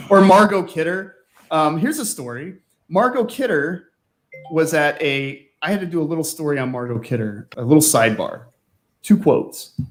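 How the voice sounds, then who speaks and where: A man in a casual chat, telling one anecdote after another with easy laughter. He leans on "like" as he talks. His voice sits a bit higher than most men's. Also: wildly swooping pitch, unhurried. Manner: chatty storyteller, laughs often, fills with "like". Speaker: guest, former magazine staff writer.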